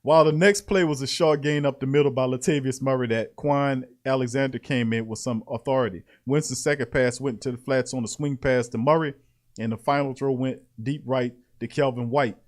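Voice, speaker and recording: A man hosting a casual sports talk show, reading out practice notes and reacting with animated, laughing commentary. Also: mid-range voice, a little fast. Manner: animated, laughing, repeating lines for emphasis.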